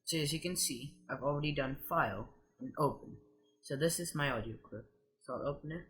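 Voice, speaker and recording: A man hosting a screen-recorded software tutorial, explaining step by step and leaning on "so" between steps. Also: fairly high pitch, brisk. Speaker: tutorial host.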